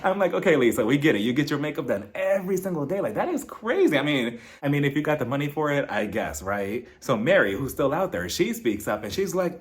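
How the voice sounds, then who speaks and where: A young man talks straight to his audience in a loose, gossipy recap, with his pitch sitting in a plain middle range. He slips into mocking voices of the people he retells and laughs along with his own jokes. The tone stays chatty and opinionated throughout. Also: very animated, brisk, few pauses. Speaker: reality TV reviewer, channel host. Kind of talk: casual recap commentary.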